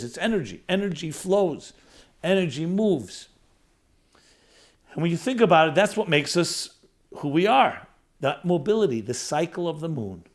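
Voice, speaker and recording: Speaking in a slightly high voice, this rabbi and lecturer offers a reflective spiritual talk. He develops each point in runs of short phrases that swell and ebb in emphasis.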